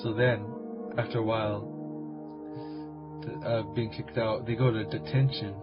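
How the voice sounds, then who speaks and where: A man's voice: on the low side, little pitch movement, unhurried. A man hosting a comedic creepypasta reading, rambling, crude and self-mocking. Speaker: video host. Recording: dull lo-fi recording with music.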